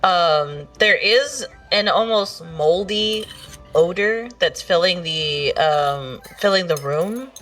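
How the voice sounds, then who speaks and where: A woman's voice: on the low side, animated, takes it slowly, fairly bright tone, distant mic, faint music behind. Giggly woman narrating a tabletop game. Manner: laughs often, playful narration with filler words. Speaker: game master.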